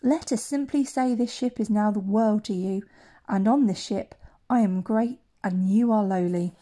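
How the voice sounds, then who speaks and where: A woman's voice: medium pitch, normal speed, mellow, close to an everyday voice. Woman doing a boastful swaggering ship captain. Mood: grandiose. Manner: grandiose, theatrical.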